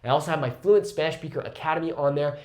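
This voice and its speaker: A man from Mexico teaches Spanish pronunciation in an energetic, emphatic online lesson. He speaks fast at a fairly high pitch, often checking in with "okay?"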